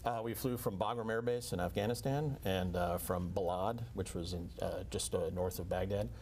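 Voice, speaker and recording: A man's voice: sits low, fairly even intonation, moderate pace, a little mellow, slight background noise. A middle-aged man being interviewed as a retired fighter pilot, polite and matter-of-fact. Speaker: guest, retired Air Force fighter pilot. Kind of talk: interview answers.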